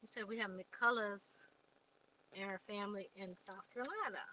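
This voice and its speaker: Bright-voiced woman on lo-fi livestream. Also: medium pitch, moderate pace. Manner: chatty, reads viewer comments aloud and replies. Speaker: livestream host answering viewer questions. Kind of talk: casual live chat.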